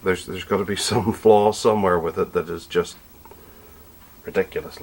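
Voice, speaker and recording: A man's voice: deep voice, moderate pace, a little hiss or hum. A man, casually reviewing a budget microphone as a tech podcast host, chatty and often correcting himself mid-sentence. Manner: chatty, self-correcting, relaxed asides.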